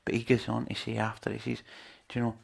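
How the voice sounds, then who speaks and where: Gravelly man preaching. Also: medium pitch, monotone, quick pace. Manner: earnest, conversational preaching with rhetorical questions. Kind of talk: sermon.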